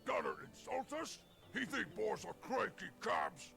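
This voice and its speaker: A man's voice: high voice, lively intonation, measured pace, vocal fry, sharp tone, faint music behind, heavily acted. An actor playing a hot-headed male boar warrior chief who speaks in choppy broken grammar. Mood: angry.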